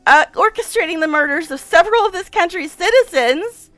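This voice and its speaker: Stern cold male inquisitor from a game, woman reading him plain, high voice, dry sound. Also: animated, brisk, fairly bright tone, no echo. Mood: formal.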